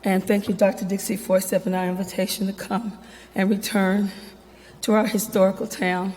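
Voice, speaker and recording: A woman's voice: mid-range voice, little pitch movement, normal speed. A woman speaking at a public event, her voice congested from allergies, a bit breathless and informal. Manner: warm, slightly breathless, informal. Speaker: foundation representative. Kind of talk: public remarks. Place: event hall. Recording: long hall reverb.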